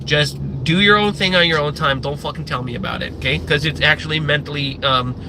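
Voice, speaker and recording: A man's voice: fairly high pitch, a little fast, gravelly, background noise. A man from the Midwest US, a live streamer, ranting casually and profanely and wandering off on tangents. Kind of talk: casual livestream rant.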